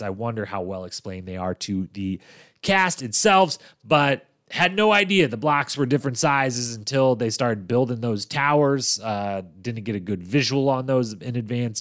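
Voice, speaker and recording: Young guy podcasting, chatty recap, gets loud and excited at times. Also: mid-range voice. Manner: animated, swings into loud exclamations. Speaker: podcast host. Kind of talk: casual recap commentary.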